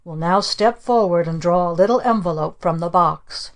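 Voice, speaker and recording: A woman's voice: on the low side, moderate pace, lightly acted. A woman voicing a stern aunt who plays a fairy-tale witch, imperious and cold, speaking stiffly as if reading from a book.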